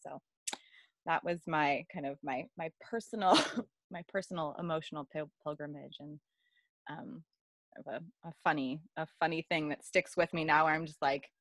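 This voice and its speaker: A woman's voice: low-pitched, moderate pace, a bit bright, no echo. Woman, casual storytelling, chatty, laughs often, dry close sound. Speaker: workshop participant. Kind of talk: personal storytelling.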